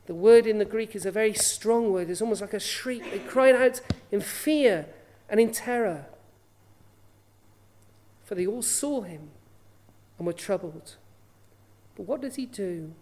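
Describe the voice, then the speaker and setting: A woman's voice: mid-range voice, lively intonation, unhurried, long pauses, dark tone. A woman preaching a sermon in an earnest way, often asking her listeners rhetorical questions.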